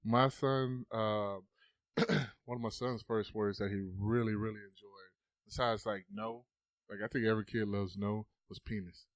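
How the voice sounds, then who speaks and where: A man's voice: lowish voice, normal speed, dry recording. A young adult man telling stories in casual chat, swearing freely and acting out the quotes. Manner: animated storyteller, swears freely, acts out quotes. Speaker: podcast host.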